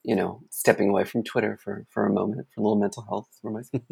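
A man's voice: lowish voice, level tone, fast talker, gravelly, darkish tone, husky. A man co-hosting a podcast, chatting casually with lots of fillers. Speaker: podcast co-host. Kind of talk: casual chat.

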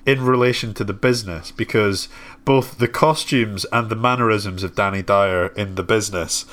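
Podcast host guy, bright sharp voice, jokey and rambling. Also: fairly low pitch, moderate pace. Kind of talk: casual podcast chat.

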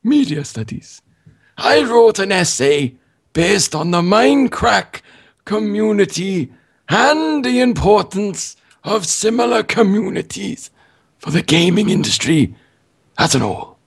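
Guy doing a wheezy old smoker grandpa, high and quavery, lots of swing. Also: big pitch swings, a little slow, heavily acted. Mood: mock earnest. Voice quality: raspy. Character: wheezy old man who smoked all his life.

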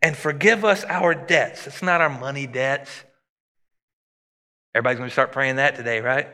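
A man preaching a sermon as pastor, animated and rising and dropping his voice for emphasis. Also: medium pitch, unhurried, pauses often. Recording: long hall reverb.

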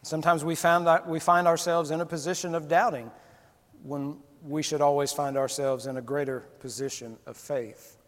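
A preacher giving a candid, conversational sermon and acting out little quotes. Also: male voice, a little high, flat delivery, moderate pace. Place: church sanctuary. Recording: long reverb of a church hall.

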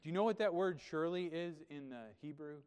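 A man's voice: a little high, fairly quick, a little mellow, clear, resonant tone, big-room sound. A man preaching a sermon as pastor, explaining scripture in a conversational way and often checking in with rhetorical questions.

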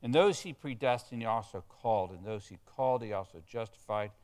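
A pastor with a lowish voice and darkish tone preaches a brisk sermon. He stresses key words emphatically and leads the congregation in call-and-response, having them repeat lines back to him.

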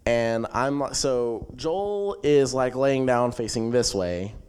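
A young man casually telling a funny camp story, animated and laughing as he goes. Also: medium pitch, slow, clean tone. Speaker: camp attendee sharing a testimony.

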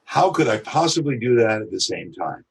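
A man's voice: on the low side, sing-song, slight background noise. A man, a voice actor, talking through his craft in a podcast interview, reflective and full of examples. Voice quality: husky. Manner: reflective, explains with examples and quick imitations. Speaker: voice actor guest.

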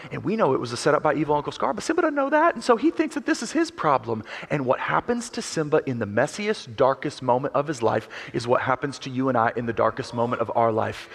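Emphatic pastor preaching in an echoey church. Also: male voice, medium pitch, sing-song, fairly quick, gravelly, breathy edge. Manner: emphatic, joking, storytelling. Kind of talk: sermon.

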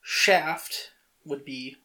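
A podcast co-host talking in a relaxed, casual way, agreeing often and sharing movie easter eggs. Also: mid-range voice. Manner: laid-back, quick agreeing, occasional swearing. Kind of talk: casual chat.

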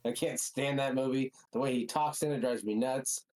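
Laid-back man of middle pitch, blunt. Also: fairly even intonation, moderate pace, darkish tone, low-quality recording. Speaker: podcast co-host. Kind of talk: casual chat.

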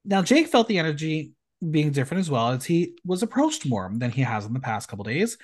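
Man, podcast host, lively swooping pitch, sarcastic, casual recap chat. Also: brisk. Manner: sarcastic, animated, recaps the episode and mimics contestants.

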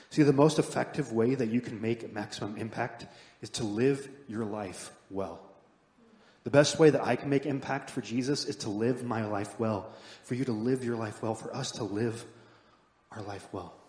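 A man's voice: mid-range voice, normal speed. Earnest preacher man in an echoey hall. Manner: earnest, builds up then drops to soft emphatic endings. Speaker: pastor. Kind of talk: sermon. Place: church sanctuary. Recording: echoey hall with long reverb.

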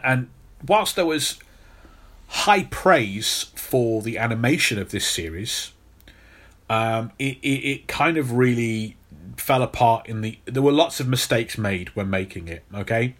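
A man's voice: mid-range voice, a bit bright. A man hosting a podcast, telling a long story in casual chat with many restarts. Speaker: podcast host.

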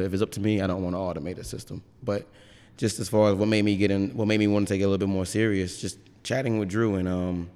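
Low-voiced man in a reverberant brewery. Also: darkish tone, smooth. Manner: rambling, frank, swears freely. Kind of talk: casual interview chat.

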